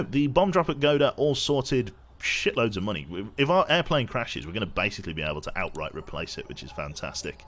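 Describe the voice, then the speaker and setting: A man's voice: medium pitch, fairly bright tone. A young man from England with a posh English accent, chatting casually with his viewers while streaming a game, self-deprecating and reading chat aloud.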